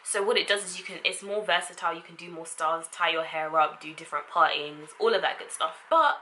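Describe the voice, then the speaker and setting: A young woman, chatting casually to camera as a vlogger, sassy and expressive with quick asides. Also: on the low side, slight background noise.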